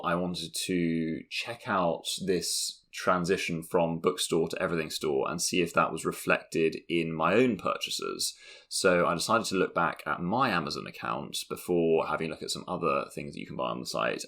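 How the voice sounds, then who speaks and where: Young british guy, deep voice, wry podcast cohost telling stories. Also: a bit bright. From Britain. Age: young adult. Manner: dry, wry asides, measured storytelling. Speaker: podcast co-host. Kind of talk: casual comedic chat.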